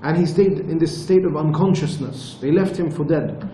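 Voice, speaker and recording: A man with a mellow, fairly high voice teaches at a retreat and tells his stories in an earnest, measured way. The room is echoey, and a faint ambience sits behind him. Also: a little hiss or hum. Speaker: religious teacher. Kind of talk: storytelling lecture.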